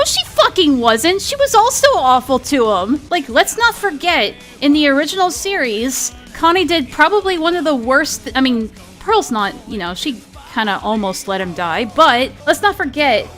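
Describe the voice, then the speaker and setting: A woman's voice: high voice, a bit bright. A young woman doing a heated, sarcastic, profane ranting commentary on a cartoon.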